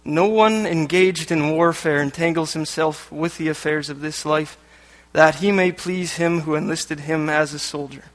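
Guy from canada preaching a sermon, kinda high voice, cracks little jokes between reading bits, church hall with a long echo. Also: unhurried, few pauses. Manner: joking asides between read passages. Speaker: lay preacher. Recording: echoey hall with long reverb.

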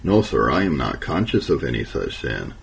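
A man voicing a sorrowful, tearful woman who speaks in a soft, trembling, apologetic way. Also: rumbling low, big pitch swings, moderate pace, vocal fry, slight background noise, heavily acted. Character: sorrowful, tearful middle-aged woman, gentle and humble.

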